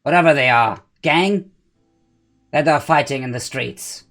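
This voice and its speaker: A man's voice: on the high side, measured pace, fairly bright tone, faint music behind. A man playing his character in a tabletop game, talking in a firm, insistent way. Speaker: player. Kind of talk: casual tabletop role-play. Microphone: headset over voice call.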